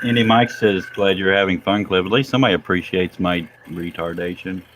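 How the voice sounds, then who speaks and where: A man's voice: sits low, brisk, fairly bright tone, a little hiss or hum. A man co-hosting a live stream, reading out chat comments and breaking into laughter. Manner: giggly, loses it laughing.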